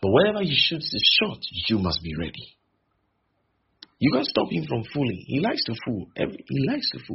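A male preacher, repeating phrases for emphasis and slowing on key lines. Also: medium pitch, wildly swooping pitch. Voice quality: gravelly and very husky. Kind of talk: sermon. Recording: dull lo-fi recording.

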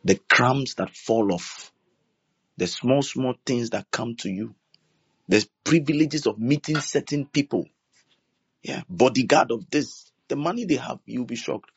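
A man's voice: mid-range voice, expressive, measured pace, vocal fry, slightly rough, no echo. A man preaching a sermon, emphatic and repetitive, acting out prayers in his own voice. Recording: dull lo-fi sound.

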